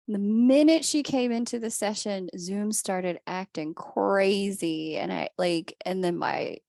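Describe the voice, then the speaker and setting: A woman's voice: medium pitch, takes it slowly, vocal fry, mellow, no room sound, clean studio sound. A woman giving a casual spiritual talk as an astrologer and reader, chatty, often laughing and acting out the people in her stories.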